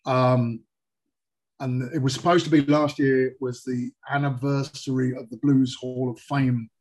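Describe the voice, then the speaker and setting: English man, husky voice, mid pitch, halting talk full of ums. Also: level tone, a little mellow. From England. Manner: hesitant, many fillers and restarts. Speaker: guest. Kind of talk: casual chat.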